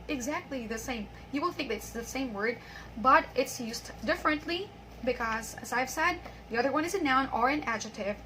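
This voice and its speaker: High bright-voiced woman teaching pronunciation. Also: slight background noise, rough recording. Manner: reads words and sentences aloud with clear stress; explains with repeated filler phrases like "by the way". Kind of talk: YouTube pronunciation lesson.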